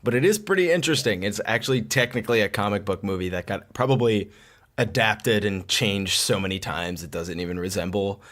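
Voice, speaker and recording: A young man with a fairly low voice co-hosts a casual podcast. He talks in a loose, rambling way, full of fillers, and laughs easily. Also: a little fast. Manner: relaxed, filler-heavy chatter with laughs. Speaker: podcast co-host. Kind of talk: casual chat.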